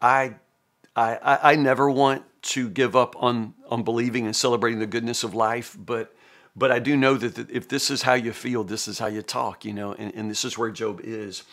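A man's voice: medium pitch, steady tone, normal speed, fairly bright tone. A man hosting a casual Bible commentary who talks conversationally, with lots of fillers and stammered restarts. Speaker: podcast host, Bible teacher.

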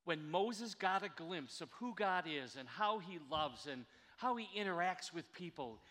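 A man's voice: high-pitched, expressive, fairly bright tone. Earnest male pastor preaching in a hall. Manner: earnest, emphatic, slows down to stress words. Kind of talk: sermon.

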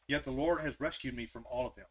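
A man's voice: medium pitch, fast talker, fairly bright tone, a little hiss or hum. A man preaching an interactive sermon, putting repeated questions straight to his listeners. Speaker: preacher leading a Bible study.

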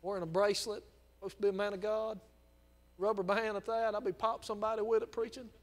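A male pastor preaching a sermon, moving between quiet storytelling and impassioned, near-shouted exhortation. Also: high-pitched, level tone, fast.

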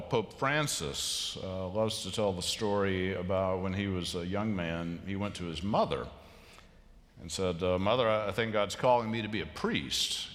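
Pastor guy preaching, low voice, big echoey church, chatty, does little voices for the bible folks. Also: a bit bright. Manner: conversational, self-amused, acts out voices of biblical figures. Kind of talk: sermon. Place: large church sanctuary. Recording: long hall reverb of a church.

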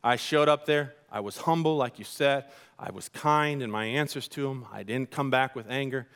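A man voicing a frustrated male construction worker who grumbles in a low, exasperated way. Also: moderate pace, fairly bright tone, smooth, natural voice. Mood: amazed.

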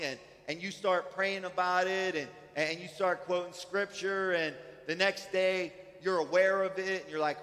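A man's voice: sits high, fairly even intonation, moderate pace, hardly any pauses, a bit bright. A man preaching a sermon as pastor in a church, earnest and conversational, often restarting his words. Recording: reverberant church hall.

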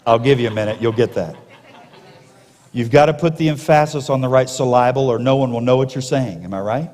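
A male pastor preaching a sermon, slowing down and dropping to a hush for emphasis, with jokey asides to the congregation. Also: mid-range voice. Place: church sanctuary. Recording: long reverb of a large hall.

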